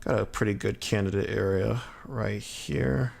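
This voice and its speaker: A man casually chatting on a livestream while painting miniatures, quietly thinking aloud as he works. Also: fairly low pitch, steady tone, unhurried, gravelly. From Southern US (Alabama family). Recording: soft background music.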